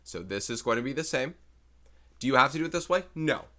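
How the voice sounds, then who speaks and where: A man's voice: medium pitch, expressive, a little fast, bright, forceful tone. A man teaching math in a recorded lecture, chatting and thinking aloud as he works through problems.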